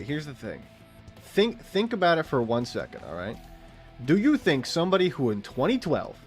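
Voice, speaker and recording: Man in his late twenties, streamer, rambling profane chatter, pitch swooping up and down, slightly high voice, faint music underneath. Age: late 20s. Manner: rambling, profane, animated storytelling. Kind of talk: casual gaming chat.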